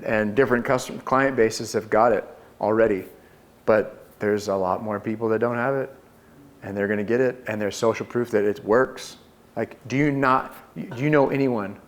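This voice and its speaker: A man coaching a group on door-to-door solar sales, talking with energy and confidence and acting out his pitches. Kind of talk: sales training talk to a group.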